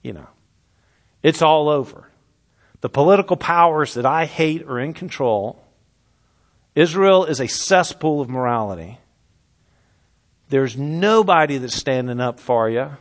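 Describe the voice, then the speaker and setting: A man preaching a sermon, reading scripture dramatically and dropping from loud declarations to hushed, slow words. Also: fairly high pitch, expressive.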